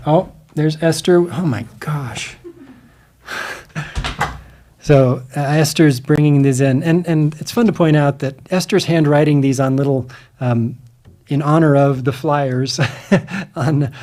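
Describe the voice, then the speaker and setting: A man hosting a livestream in a casual, halting way, with many fillers and restarts. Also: a little high, darkish tone. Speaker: livestream host.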